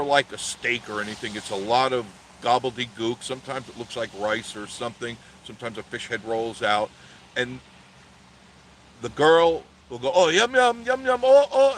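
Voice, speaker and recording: A man's voice: mid-range voice, a bit bright, a little hiss or hum. A man hosting a casual vlog, telling a story in a rambling way with many restarts and self-corrections. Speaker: channel host.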